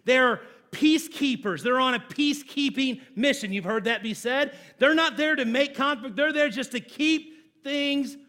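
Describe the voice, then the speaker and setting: With an extremely high pitch, a male pastor preaches to his church and draws the congregation into call-and-response. He moves slowly and deliberately, then abruptly gets loud to stress his points.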